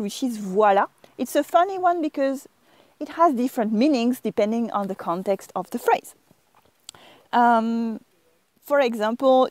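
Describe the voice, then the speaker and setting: A French woman with a French accent, teaching English-speaking learners in an online lesson, explaining slowly and repeating example phrases expressively. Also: a little high, darkish tone, no room sound. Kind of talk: online language lesson to camera.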